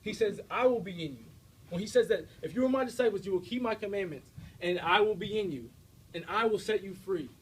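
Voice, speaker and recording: A young American man giving an energetic, direct faith talk to a student audience, often checking in with his listeners. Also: high voice, a little fast, breathy edge, low-quality recording. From United States. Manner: energetic, direct, preachy, with frequent checks like "all right?". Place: university room before an audience.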